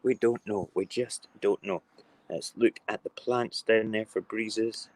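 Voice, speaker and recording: A man's voice: lowish voice, steady tone, a little slow, poor audio. A man hosting a casual morning live stream from his home kitchen on his phone, talking in a chatty, rambling, playful way.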